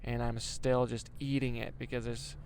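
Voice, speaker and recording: Rambling young comedian talking while driving. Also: male voice, mid-range voice, little pitch movement, normal speed, a little mellow, slight background noise. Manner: rambling, self-deprecating, swears freely. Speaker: stand-up comedian. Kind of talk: casual vlog chat while driving. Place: inside a moving van.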